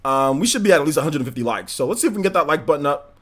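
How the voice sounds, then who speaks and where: A man's voice: a little high, animated, rapid-fire. A young man hosting a gaming livestream, chatting loosely and telling stories animatedly, full of "man" and "like". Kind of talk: casual livestream chat.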